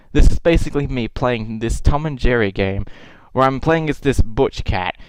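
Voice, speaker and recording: A man's voice: mid-range voice, clear, resonant tone, dry recording, poor audio. A young man casually commenting on his own old videos, self-mocking and swearing freely, with exasperated outbursts.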